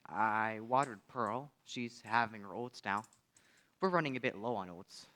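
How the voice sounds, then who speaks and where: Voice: medium pitch, a bit bright, a little hiss or hum, lightly acted. An actor playing a shy, kindly old farmer who stammers, in a live stage musical. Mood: mild. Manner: stammering, halting.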